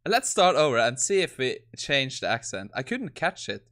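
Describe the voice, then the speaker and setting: Bright-voiced man giving casual tech commentary. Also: medium pitch, sing-song, moderate pace. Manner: casual, thinking aloud, laughs. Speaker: host.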